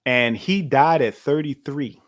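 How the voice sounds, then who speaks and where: A man's voice: medium pitch, a little slow. A man co-hosting a podcast in casual chat, loose and conversational, with many fillers and restarts. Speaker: podcast co-host.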